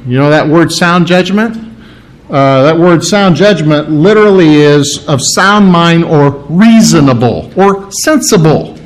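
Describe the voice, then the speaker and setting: Male preacher, slightly high voice, teaching sermon that unpacks key words with firm emphasis. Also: expressive, measured pace, rough recording. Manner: explains word meanings step by step, restarts and stresses key words. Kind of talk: expository sermon.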